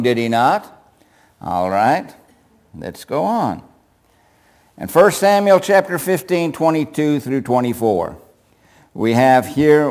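A man leading a Bible lesson, reading scripture passages and stopping to ask his listeners questions. His voice sits at an ordinary middle pitch for a man. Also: a little mellow. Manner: reads scripture aloud, pausing to question listeners. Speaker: preacher. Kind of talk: bible study sermon.

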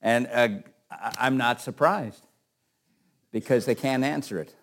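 Joking, conversational teacher. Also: male voice, mid-range voice, a little slow, vocal fry. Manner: conversational, joking asides, repeats words. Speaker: Bible class teacher. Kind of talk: informal Bible study teaching.

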